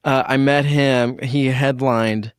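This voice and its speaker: A man's voice: medium pitch, steady tone, slow pace, clean tone, no room sound, clean studio sound. A man hosting a podcast, telling stories in a laid-back, rambling way with many fillers. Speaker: podcast host. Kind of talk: casual interview chat.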